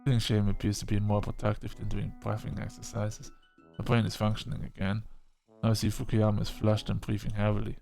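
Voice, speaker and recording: A man narrating a visual novel in a plain, even reading voice. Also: fairly low pitch, fairly quick, gravelly, soft background music. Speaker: game narrator.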